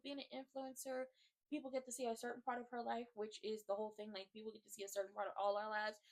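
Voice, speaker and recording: A woman hosting her own video channel, giving a casual, animated recap of a TV drama full of slang and talking straight to her viewers. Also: fairly high pitch. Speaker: YouTube host recapping a TV drama.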